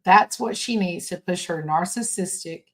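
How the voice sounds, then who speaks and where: A woman hosting a casual commentary podcast from home, talking in a halting way with many fillers and restarts. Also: lowish voice. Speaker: podcast host.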